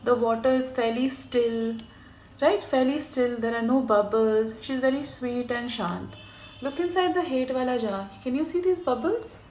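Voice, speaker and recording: A woman's voice: a little high, measured pace, a little hiss or hum. A woman, casually talking to the camera in a home video and showing things close up. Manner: expressive, shows jars close to the camera. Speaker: parenting vlogger.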